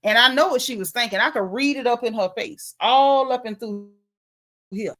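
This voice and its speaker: A woman's voice: fairly high pitch, normal speed, fairly bright tone. A woman recapping a reality show in casual, gossipy chat, acting out what the cast said.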